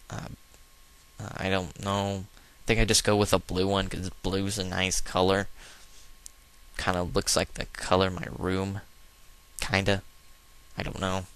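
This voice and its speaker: A man's voice: low-pitched, a bit bright, clean tone. A man giving casual, rambling and joking commentary over a video game he plays. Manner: rambling, joking, lots of fillers. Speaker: let's play host.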